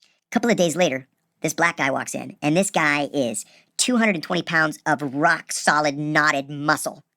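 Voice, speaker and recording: A man casually telling a personal story, animated and acting out the people he quotes. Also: on the high side, moderate pace, no room sound, clean studio sound. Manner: animated, acts out quoted voices.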